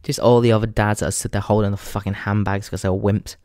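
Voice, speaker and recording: Crude rambling English podcaster. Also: male voice, lowish voice, little pitch movement, fairly quick, a little mellow, no room sound, studio quality. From England. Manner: crude, rambling, laughs at his own jokes. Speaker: podcast host. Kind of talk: casual comedic monologue.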